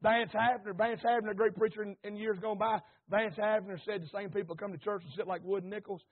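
Fervent husky preacher, high voice. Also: male voice, fairly even intonation, fast talker. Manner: fervent, rises to shouting, repeats phrases, rhetorical questions. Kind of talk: impassioned sermon. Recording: tinny phone-like recording.

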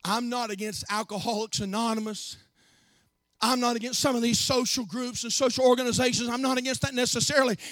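Preacher man, very high bright voice, dry close sound, shouts then hushes. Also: flat delivery, brisk, no echo. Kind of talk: sermon.

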